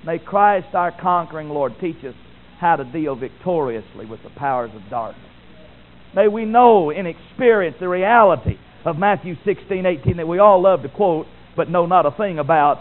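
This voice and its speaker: A man preaching with a high, ringing voice. He drives points home with loud emphasis, then drops to hushed, solemn lines. The sound is thin and phone-like. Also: expressive, moderate pace. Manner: emphatic, swinging from loud declarations to quiet, solemn asides. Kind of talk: sermon. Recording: tinny phone-like recording.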